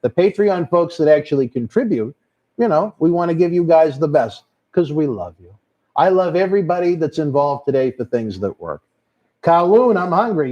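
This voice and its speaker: High-voiced host with a Boston accent. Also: male voice, dull audio. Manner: reads out viewer comments, calls people brother. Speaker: host of a wrestling watch-along stream. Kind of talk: casual live-stream chat.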